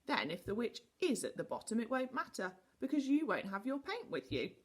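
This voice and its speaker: A brisk, impatient storybook magic man who bosses people about, his voice lively and a bit breathy, as a woman reading aloud puts him on. Orders come out firm and quick. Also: on the high side, pitched above the performer's own voice. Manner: bossy and commanding.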